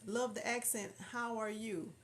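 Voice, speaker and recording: A woman's voice: fairly high pitch, fairly even intonation, measured pace, a bit bright. Woman, southern drawl, casual livestream host, chatty, reads chat aloud. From Houston, Texas. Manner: chatty, thinks aloud, reads viewer comments.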